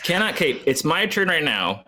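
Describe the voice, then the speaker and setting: A man's voice: fairly high pitch, big pitch swings, normal speed, pushed and bright, faint music behind. A young man playing a tabletop game, talking earnestly and thinking aloud with restarts. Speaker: player.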